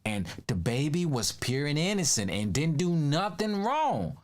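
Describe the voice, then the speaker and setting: Animated man with lively pitch swings. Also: measured pace. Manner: animated, emphatic, laughs often, slangy. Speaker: commentator. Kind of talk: casual reaction commentary.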